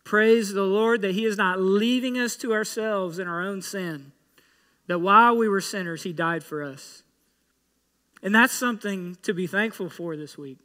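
A man's voice: sits high, moderate pace, pushed and bright, long reverb tail. A man preaching an emphatic sermon as pastor, pressing his point with rhetorical questions. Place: church sanctuary.

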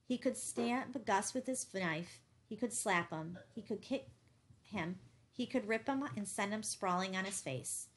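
A woman reads a novel aloud for an audiobook. Her delivery is measured and intense, building tension through the prose. Her voice sits at an average pitch. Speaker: audiobook narrator. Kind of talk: audiobook narration.

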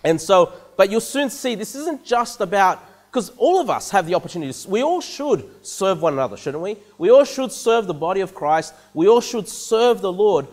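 A church pastor with a high-pitched voice delivers a conversational sermon, repeating words frequently and checking in with the congregation through "okay?" and "you know".

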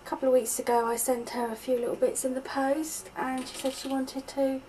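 Middle-aged woman, high-ish voice, slow delighted unboxing chat, noisy home recording. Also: little pitch movement. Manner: gushing, softly delighted, slow and breathy exclamations. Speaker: vlogger opening happy mail. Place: at home in a conservatory.

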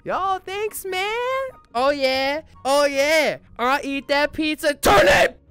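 A man doing goofy, excited commentary while playing a VR game, with loud outbursts. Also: very high voice, slow. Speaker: gaming YouTuber.

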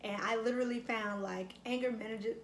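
A woman's voice: on the high side, fairly even intonation, fairly quick, a little hiss or hum. A middle-aged woman chatting casually while she eats at home, reflective and reminiscing, with lots of fillers. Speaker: mukbang vlogger. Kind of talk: casual chat while eating. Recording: echoey room with faint ambience.

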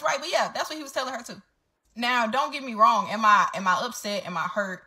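A woman's voice: high-pitched, expressive, brisk, pushed and bright. A young woman, bluntly venting in a profane, heated storytime vlog.

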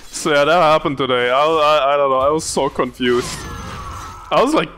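A young man streams a video game, rambling about his day in casual gaming commentary and swearing freely in a laid-back, profane way. His voice is on the high side, at normal speed and fairly bright, with faint music in the background.

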